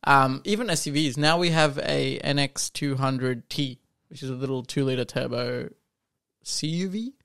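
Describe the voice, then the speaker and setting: A man's voice: mid-range voice, moderate pace, gravelly, a bit bright, no room sound, clean studio sound. A man co-hosting a podcast, chatting casually about cars, explaining at length and restarting his sentences. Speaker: podcast co-host. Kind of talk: casual car chat.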